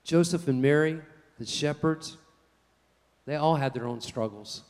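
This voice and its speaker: A man preaching a sermon, telling folksy stories in an animated way. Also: on the high side, measured pace, smooth, long reverb tail. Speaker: pastor.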